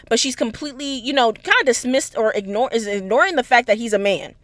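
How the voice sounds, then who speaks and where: A woman giving an animated, slangy analysis of a story in casual talk. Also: fairly high pitch, no echo. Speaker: anime commentator.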